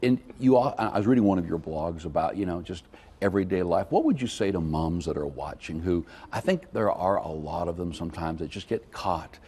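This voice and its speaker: A man's voice: low voice, expressive, breathy edge. A man hosting a faith talk show, prompting his guest with friendly questions. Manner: warm, prompting, quick to laugh along. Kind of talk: interview questions.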